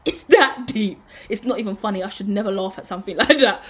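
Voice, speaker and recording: A woman giving a casual tarot reading to her viewers, excitable and swearing freely, breaking into shouts and laughter. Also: mid-range voice, rapid-fire. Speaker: tarot reader.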